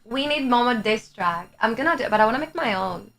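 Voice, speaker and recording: A woman's voice: fairly high pitch, lively intonation, fast talker, creaky, fairly bright tone. A young woman from Greece whose first language is Greek, chatting with her live chat on a stream. She is chatty, laughs often and swears casually. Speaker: livestreamer. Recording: faint music behind the voice.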